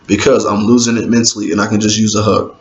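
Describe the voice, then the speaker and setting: Bratty drunk young woman whining, a guy reading her in his normal low voice, echoey muffled sound. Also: little pitch movement, quick pace, close to an everyday voice. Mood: pleading. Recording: roomy, dull lo-fi with faint hiss.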